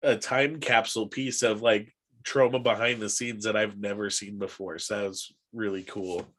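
A man hosting an interview, asking questions in a relaxed, appreciative way with occasional fillers. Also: lowish voice, moderate pace. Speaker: podcast host. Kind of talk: casual interview chat.

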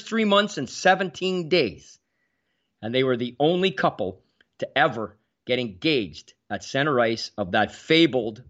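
A man around sixty hosts a casual sports talk show, spinning hockey stories with animated energy and frequent repeated words. His voice sits at a middle pitch. The recording is slightly dull and lo-fi. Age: about 60.

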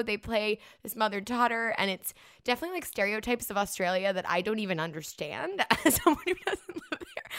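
A woman co-hosts a podcast and rambles through casual chat, giggling and running herself down. Her middle-pitched voice sounds dry and close to the mic. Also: fairly bright tone, clear, resonant tone, dry recording. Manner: rambling, giggly, self-deprecating. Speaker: podcast co-host.

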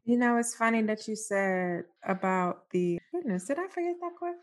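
Chatty middle-aged woman, relaxed. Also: mid-range voice, moderate pace. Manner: chatty and relaxed, with many fillers and light laughter. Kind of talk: casual conversation.

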